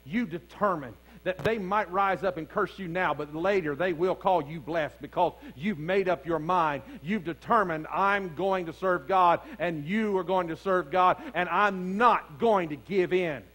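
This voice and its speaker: A man's voice: high-pitched, measured pace, hardly any pauses, a bit bright, low-quality recording. A man preaching a sermon as pastor, calling out to his congregation with rising fervor. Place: church sanctuary.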